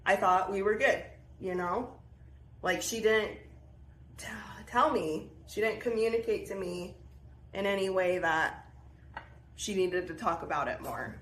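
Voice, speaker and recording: A woman's voice: lowish voice, pushed and bright, a little hiss or hum. Chatty young woman telling a story. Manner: chatty, filler-heavy with many restarts and 'like'. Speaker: podcast host. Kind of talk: casual storytelling.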